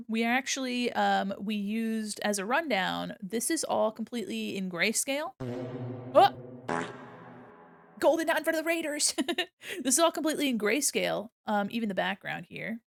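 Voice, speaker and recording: Giggly woman streamer with a gravelly edge. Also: fairly high pitch, expressive, moderate pace, dry recording, studio quality. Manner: chatty and giggly, explains her steps as she works. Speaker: art streamer. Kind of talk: casual livestream chat while drawing. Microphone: desk microphone.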